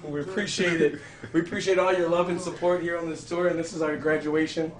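A man's voice: on the high side, flat delivery, a little fast. A man, a tour DJ, handing out sandwiches backstage with mock-ceremonious, hyped speeches. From Detroit. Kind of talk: playful mock-formal presentation. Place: backstage rooms on a music tour. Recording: echoey, off-mic, with crowd noise.

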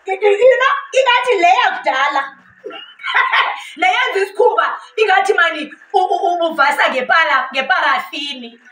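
Brief: South African woman vlogger, Xhosa native, very high bright voice, lively storytelling, echoey room with the mic set back. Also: moderate pace, distant mic. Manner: animated, switches languages, laughs often. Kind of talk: storytime vlog.

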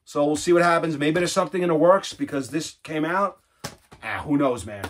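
A man's voice: fairly high pitch, fairly quick. A middle-aged man casually chatting as he unboxes records, rambling and laid-back, tossing in "man" and "you know". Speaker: vinyl collector vlogger. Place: home record room.

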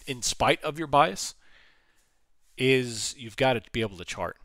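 A man hosts a casual trading stream in a low, hoarse voice worn out from a week of talking. He answers questions in a relaxed way and drops quieter while he checks prices. The sound is dry and close, with no room around it. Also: dry recording. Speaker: trading livestream host. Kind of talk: casual livestream chat answering viewer questions.

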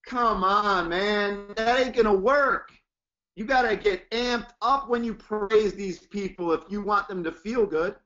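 A man's voice: high-pitched, measured pace, a bit bright, muffled recording. A man teaching a sales class, talking emphatically and acting out sample praise lines for phone calls. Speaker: sales trainer. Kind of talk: training lecture with demo lines.

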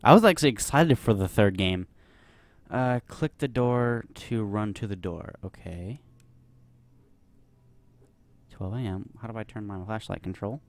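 Playing a horror game for a let's play, this young gameplay commentator gives nervous, rambling narration loaded with fillers. His voice sits fairly low, and he talks at a normal speed.

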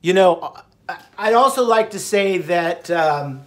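A middle-aged male vlogger with a high, expressive voice chats unhurriedly to the camera. His talk is rambling and upbeat, and every so often he slips into singing.

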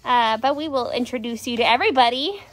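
A woman's voice: fairly high pitch, fast talker. A woman hosting a live stream from a cat shelter, cheerfully explaining things to viewers in casual chat. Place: indoor cat shelter room.

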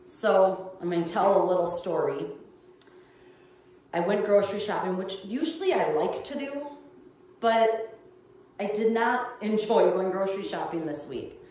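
A woman's voice: medium pitch, animated, a little slow, pauses often, mellow. A woman pastor delivering a midweek sermon, telling a personal story in an earnest, storytelling way. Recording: echoey room heard from far off.

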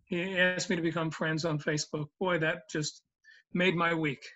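A man's voice: on the high side, level tone, normal speed, pushed and bright, muffled recording. A man in his seventies telling the joke of the day in a folksy, rambling way, with lots of ums and uhs. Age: 70s. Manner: folksy, rambling, with many fillers. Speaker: regular joke teller. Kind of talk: storytelling a joke.

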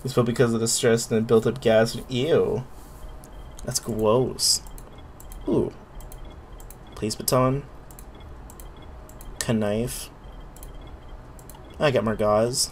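A man's voice: mid-range voice, darkish tone, a little hiss or hum. A man giving casual, muttering commentary while playing a video game, swearing when surprised.

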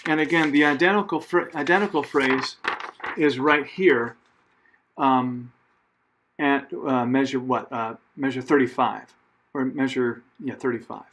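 A man's voice: medium pitch, fairly even intonation, measured pace, fairly bright tone, slight background noise. A man as a choir director, giving patient spoken rehearsal notes with frequent fillers and self-corrections. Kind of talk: conducting rehearsal instructions.

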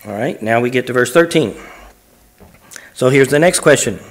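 A man's voice: medium pitch, expressive, moderate pace. Pastor guy doing a bible study in church, reads a verse then talks it through, easygoing. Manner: reads scripture aloud and explains it phrase by phrase; plain, conversational teaching with restarts.

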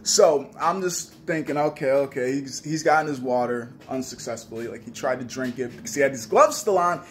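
A man's voice: mid-range voice, a little fast, slight background noise. A young man casually telling a story on a vlog, swearing freely and acting out his own trash talk. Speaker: vlogger.

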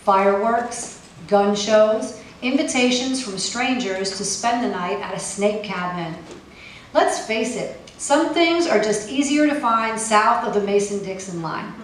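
A woman's voice: mid-range voice, animated, measured pace, a little hiss or hum. A woman poet giving a live poetry reading with a wry, pointed delivery and casual asides between poems. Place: poetry festival venue. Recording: echoey room, mic far off, faint ambience.

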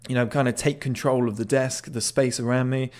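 A man's voice: mid-range voice, fairly even intonation, a little fast, darkish tone. A man casually commenting on a video clip, chatty and swearing now and then, often repeating words as he restarts. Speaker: body language analyst.

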